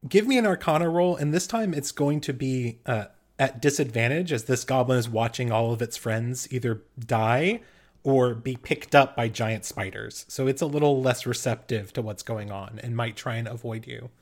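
A man's voice: mid-range voice, normal speed. A man as game master, narrating a tabletop game in a loose, improvised way.

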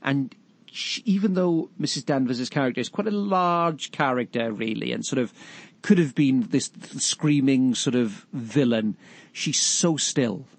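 A man hosts a film podcast, thinking aloud in a hesitant, searching way. His voice is husky, and the sound is close and dry. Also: medium pitch, unhurried, no room sound. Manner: thoughtful, hesitant, with many restarts and fillers. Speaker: podcast host. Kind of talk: casual film discussion.

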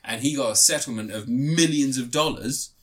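A man's voice: medium pitch, normal speed. Rambling crude man reviewing a film. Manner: rambling, crude, swears a lot, jokey asides. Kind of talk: casual comedic film review.

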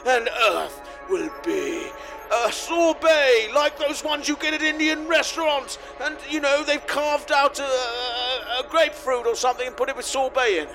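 A man's voice: very high-pitched, normal speed, sharp tone, faint music behind, heavily acted, rough recording. A man playing a ranting governor villain in a comic sketch, bellowing with theatrical menace. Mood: gloating. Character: ranting male ice-planet villain governor. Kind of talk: amateur comedy sketch acting.

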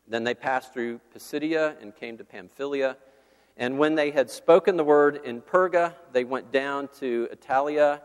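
A male campus minister giving a sermon with a measured, earnest delivery, reading scripture and praying. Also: mid-range voice. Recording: long hall reverb.

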